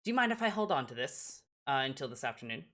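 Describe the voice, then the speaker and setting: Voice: mid-range voice, sing-song, fast talker, fairly bright tone. A game master voicing a polite, eager little gnome craftsman who hesitates and talks in a fussy, courteous way. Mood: curious. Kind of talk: voicing characters in a tabletop game.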